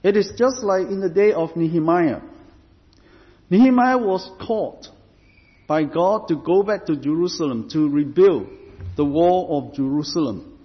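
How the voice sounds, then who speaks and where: A man preaching a sermon as pastor, deliberate and emphatic, stressing points through repetition. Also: a little high, animated. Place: church. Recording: reverberant hall, dull lo-fi sound.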